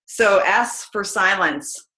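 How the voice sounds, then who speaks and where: A chatty, energetic woman, giving a casual motivational talk to her team. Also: mid-range voice, slow pace. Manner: chatty and energetic, many fillers. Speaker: team call speaker. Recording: roomy echo.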